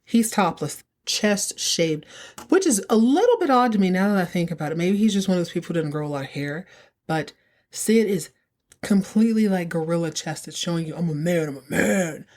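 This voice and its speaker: A woman hosts a podcast and recaps episodes in casual, chatty tones. She keeps things sassy, slipping in quick asides along the way. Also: fairly low pitch, animated, darkish tone. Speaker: podcast host.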